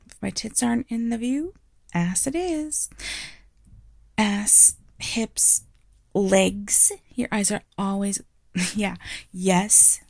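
A woman playing a slow, gravelly teacher. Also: mid-range voice, a little mellow, dry recording, studio quality. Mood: teasing. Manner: teasing, blunt, laughs often. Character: playful, frank adult female teacher. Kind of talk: audio role-play.

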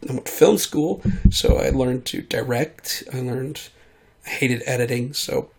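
A man hosting his own podcast in a casual solo monologue, talking in a sick, hoarse voice into a studio mic, rambling and self-deprecating with awkward jokes. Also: mid-range voice, a little hiss or hum. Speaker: podcast host and voice artist. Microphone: studio mic at home.

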